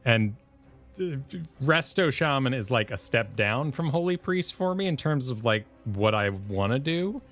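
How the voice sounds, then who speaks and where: A man in casual chat while playing an online game on a stream, animated and quick to laugh. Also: medium pitch, soft background music. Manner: animated, laughing, self-interrupting. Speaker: streamer co-host.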